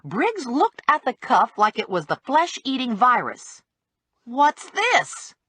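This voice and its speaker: Woman audiobook narrator, first person, wry and brisk, husky, very lively pitch. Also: no echo.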